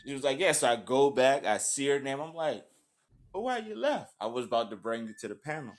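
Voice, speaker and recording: A man's voice: mid-range voice, fast talker. Laid-back American man hosting. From United States. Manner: relaxed storytelling, laughs often. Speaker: host. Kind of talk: casual chat.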